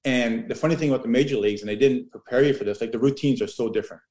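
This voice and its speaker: A man in his fifties telling rambling, animated stories as an interview guest, with many restarts. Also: medium pitch, very fast. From Canada. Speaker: guest, former pro baseball player. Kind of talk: casual storytelling interview. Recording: roomy echo.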